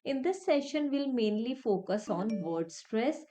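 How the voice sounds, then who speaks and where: A woman's voice: a little high, lively intonation, a little slow, mellow. A young woman teaching an exam-prep lesson, explaining each point step by step and repeating it with many "okay"s. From India. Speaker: English test tutor.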